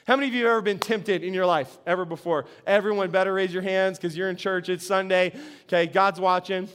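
A man with a strikingly high voice preaches a Sunday sermon. He talks in a relaxed, conversational way and keeps asking the congregation questions. He sounds middle-aged. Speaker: pastor.

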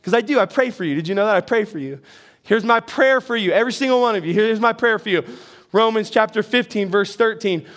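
A middle-aged man delivers a sermon in a very high voice. He keeps it conversational, putting questions to the congregation and teasing himself along the way. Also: fairly bright tone. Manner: conversational, asks the congregation questions, self-deprecating humor. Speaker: pastor.

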